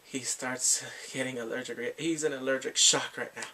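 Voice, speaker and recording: A man's voice: mid-range voice, steady tone, normal speed, sharp tone, slight background noise. A man casually recapping drama episodes, rambling and filling his talk with "like" and acted-out quotes. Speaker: drama reviewer.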